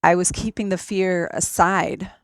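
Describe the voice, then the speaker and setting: Low, gravelly woman explaining calmly. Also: unhurried, no echo. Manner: methodical, explanatory, with many ums. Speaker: podcast guest. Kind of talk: casual remote conversation. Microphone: remote call recording.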